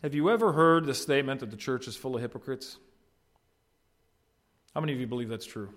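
A man preaching a sermon, swinging between loud, emphatic peaks and quiet asides, and asking the congregation questions. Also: medium pitch, fairly quick. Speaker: pastor.

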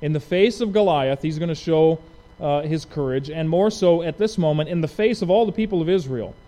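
Speaking briskly in a slightly high voice, a man delivers a verse-by-verse sermon on the Bible. He's lively, putting questions to the audience and conversationally acting out what the story's characters say.

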